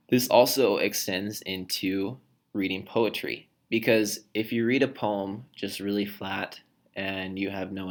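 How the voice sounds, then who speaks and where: A man teacher explaining how to read poetry aloud in a recorded lesson, demonstrating points with his own voice. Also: on the low side.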